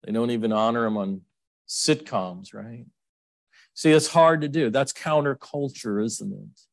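With a creaky voice and a measured pace, a middle-aged pastor delivers an emotional, meandering sermon. He keeps restarting, and his pitch jumps abruptly high and low. There's no room sound.

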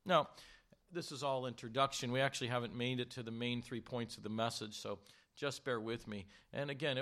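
A man preaching a sermon, animated, asking the congregation rhetorical questions and slowing down to stress key words. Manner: slows and drops low to stress key words. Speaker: pastor.

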